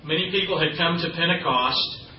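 A man's voice: fairly high pitch, moderate pace, slight background noise. Man preaching in a roomy church. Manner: conversational teaching with folksy asides. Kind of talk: sermon. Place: church sanctuary. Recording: roomy, distant, dull church recording.

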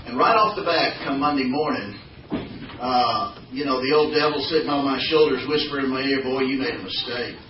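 A man giving a folksy, animated church talk full of anecdotes, calling on the congregation for responses. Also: medium pitch, a little fast, background noise. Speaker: church speaker. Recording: echoey hall from far off, dull sound.

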